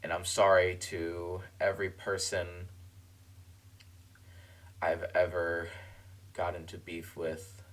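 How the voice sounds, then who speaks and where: A man streamer giving a tearful, halting farewell monologue, apologizing and repeating himself. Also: low voice, completely flat delivery, a bit bright.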